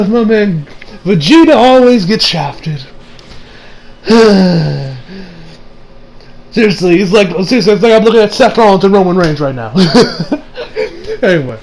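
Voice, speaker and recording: A young man casually reviewing an anime episode, excitable and profane, laughing often. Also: high-pitched, unhurried, long pauses.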